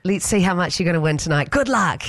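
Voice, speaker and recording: A woman's voice: lowish voice, expressive, quick pace, noisy background. A woman hosting a radio show, bubbly and soothing, in a sing-song way. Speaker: radio host. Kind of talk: upbeat radio chat. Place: radio studio. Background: music.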